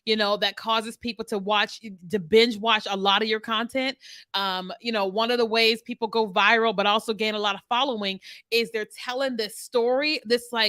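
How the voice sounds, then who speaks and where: A woman's voice: on the high side, bright, forceful tone. A woman marketing strategist talking casually and animatedly to her viewers, with laughs and asides. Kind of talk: casual direct-to-camera talk.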